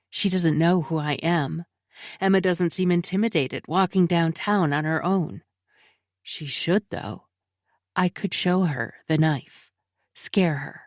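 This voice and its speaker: A woman's voice: on the low side, a little mellow, no room sound, clean studio sound. A woman reading a first-person thriller audiobook in a tense, brooding storytelling manner. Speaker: audiobook narrator.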